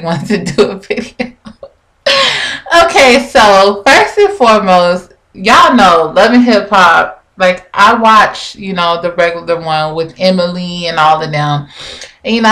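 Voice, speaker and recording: A woman's voice: fairly low pitch, fairly bright tone, rough recording. Chatty woman vlogger rambling casually. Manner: chatty, rambling, lots of "like" and "you know". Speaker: vlogger reviewing a TV show. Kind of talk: casual chat. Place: bathroom at home.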